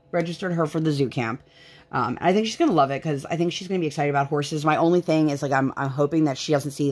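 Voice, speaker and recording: A woman in her thirties chatting casually while she works on a craft, rambling with lots of fillers. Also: low-pitched. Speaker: vlogger.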